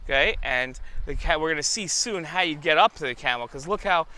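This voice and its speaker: A man's voice: a little high, lively intonation, fairly quick, bright, forceful tone. A man hosting a children's show outdoors, talking chattily and straight to young viewers. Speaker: kids' show host.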